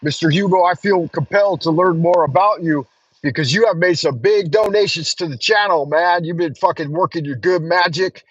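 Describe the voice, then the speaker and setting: A man's voice: high-pitched, normal speed, slightly rough, no echo. A man hosting a casual livestream from his car while driving, rambling, joking and swearing freely. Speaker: livestream host. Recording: dull, dry lo-fi sound.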